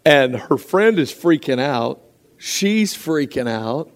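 A man preaching a sermon, telling lively stories and acting out quotes, with frequent restarts. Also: mid-range voice, slow. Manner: animated storytelling with acted quotes and frequent restarts.

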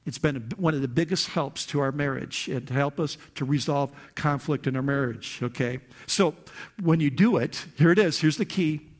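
Man preaching, slow to loud bursts. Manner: swings from soft, slow confiding to loud, high outbursts. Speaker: pastor. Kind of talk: sermon. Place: church hall before a congregation.

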